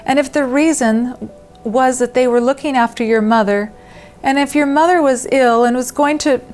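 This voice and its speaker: A woman's voice: high-pitched, normal speed, a little mellow, soft background music, voice pushed up, natural voice. A woman voicing a grubby, miserable young boy who is wound up and upset, in a storybook reading.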